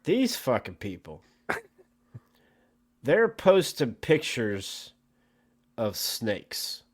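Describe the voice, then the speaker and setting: Male podcast co-host, mid-pitched, rants with heavy profanity. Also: huge pitch swings, very slow, breathy edge. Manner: profane, ranting, exasperated. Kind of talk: casual podcast chat.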